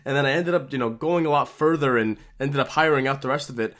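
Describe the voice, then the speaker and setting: A man hosting a fishkeeping vlog, chatting casually and excitedly to his viewers with rambling asides. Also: medium pitch, fast, no room sound, studio quality. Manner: rambling with fillers. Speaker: fishkeeping channel host.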